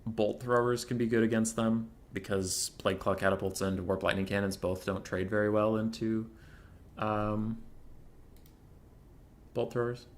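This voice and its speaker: A man's voice: fairly low pitch, fairly even intonation, unhurried. A young man streaming a competitive strategy game, chatting casually about matchups and breaking into mock-furious rants. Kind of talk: casual live-stream commentary.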